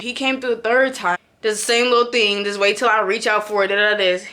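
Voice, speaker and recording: A young woman tells a story about her job in a casual, talkative way. Her voice is bright and a little high. She acts out her own lines with sudden leaps in pitch. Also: fast talker, few pauses. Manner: animated, acts out quotes with big pitch jumps. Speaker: vlogger.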